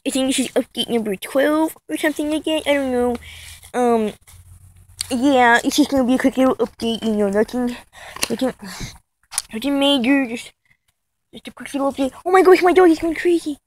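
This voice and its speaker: A young woman records a chaotic comedic vlog, rambling and restarting her sentences. Her voice sits high, and she slips easily into silly bursts of excitement. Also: moderate pace, long pauses, poor audio. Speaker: vlogger.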